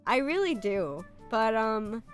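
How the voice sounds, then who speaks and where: Woman, light American country accent, sick, coughing, casual stream chat, unhurried, soft music behind. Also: fairly high pitch, big pitch swings. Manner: chatty, laughs often, blunt.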